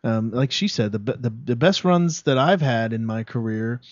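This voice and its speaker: A man's voice: mid-range voice, expressive, normal speed, no echo, muffled recording. A man, an actor guest, chatting casually in an interview and rambling with lots of fillers and restarts.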